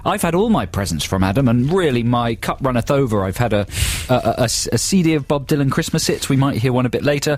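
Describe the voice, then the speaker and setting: A man's voice: mid-range voice, expressive, quick pace, few pauses, darkish tone. A man co-hosting a radio show in dry, wry, casual chat. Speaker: radio host. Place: radio studio.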